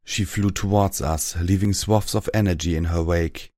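A man narrating a first-person fan fiction story in a steady, dramatic reading voice. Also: low-pitched, moderate pace, no room sound, studio quality. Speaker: audiobook narrator.

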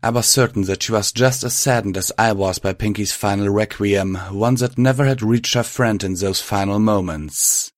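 A man reading first-person fan fiction aloud in a measured, reflective manner. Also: fairly low pitch, steady tone, dry recording, clean studio sound. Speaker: audiobook reader.

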